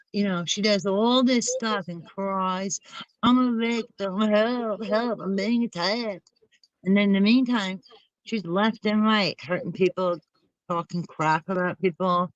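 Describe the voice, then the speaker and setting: A woman's voice: lowish voice, no room sound, low-quality recording. A woman co-hosting a casual chat, rambling through long stories and speaking bluntly with casual swearing. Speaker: channel co-host.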